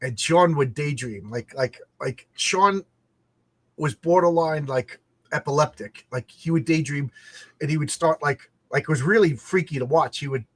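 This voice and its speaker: Animated man telling stories, dry close mic. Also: fairly high pitch, normal speed, no room sound. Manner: animated, laughing, repeats words when starting sentences. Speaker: podcast host. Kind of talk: casual storytelling chat.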